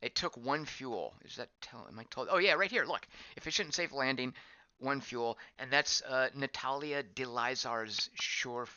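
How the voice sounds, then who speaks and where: A man's voice: medium pitch, normal speed, bright, forceful tone. A man giving casual gameplay commentary as he plays, thinking aloud, wondering and reacting to what is on screen. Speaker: game streamer. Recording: dull lo-fi dry voice track.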